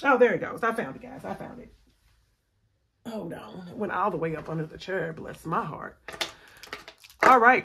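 Bright-voiced tired woman chatting to viewers. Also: fairly low pitch, moderate pace, pauses often, a little hiss or hum. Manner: chatty, talks to viewers and herself, counting aloud. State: tired after a long workday. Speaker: budgeting channel host. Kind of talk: casual chat while playing a savings game.

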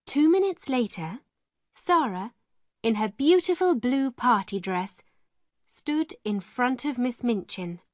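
A woman narrating a classic story for English learners in a slow, clear, expressive reading. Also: a little high, no echo, clean studio sound.

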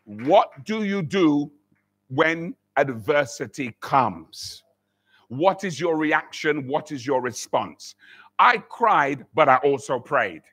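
A man's voice: a little high, animated, takes it slowly, a bit bright, slightly rough. A man preaching a sermon as pastor, telling a story and acting out the voices in it, with many repeated words. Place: church.

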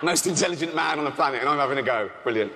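English guy doing stand-up, chuckly and deadpan, lots of ums, noisy room behind. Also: fairly high pitch, rapid-fire, long reverb tail. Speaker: stand-up comedian. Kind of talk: stand-up routine. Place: stage at a live charity event. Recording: noisy live venue.

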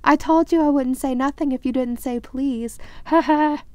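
A woman voicing a mischievous male poltergeist in a high, sing-song, taunting voice for a storybook reading. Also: moderate pace, a little mellow, no room sound, natural voice. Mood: gleeful taunting.

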